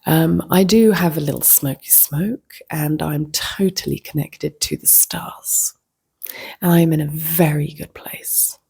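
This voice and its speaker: A woman vlogger telling a personal story in a reflective, casual way, slipping into soft whispers. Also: low-pitched, steady tone, measured pace, creaky, slightly rough.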